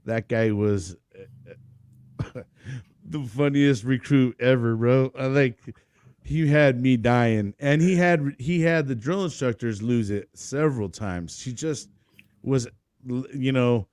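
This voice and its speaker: A man hosting a casual podcast, trading barracks stories with loose, profane energy. He throws himself into the voices of the people he quotes. His voice is mid-pitched and sits dry and close, with no room sound. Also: slow, clear, resonant tone, no room sound. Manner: profane, animated storyteller acting out quotes. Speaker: podcast host, Marine veteran.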